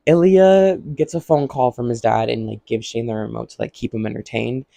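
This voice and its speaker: A man with a gravelly, creaky voice chatting through a TV episode recap for his vlog. He rambles and leans on "like" constantly, slipping into quick impressions of the characters. The sound is dry and close, with no room around it. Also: mid-range voice, mellow, no echo. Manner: rambling, heavy use of "like", acts out quotes. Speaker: vlogger.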